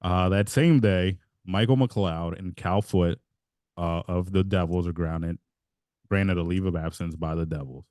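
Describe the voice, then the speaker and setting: A man's voice: low voice, measured pace, darkish tone, no echo, clean studio sound. A man co-hosting a podcast in casual chat, telling a rambling story and laughing as he goes. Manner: rambling, self-interrupting storyteller who laughs mid-sentence. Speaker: podcast co-host.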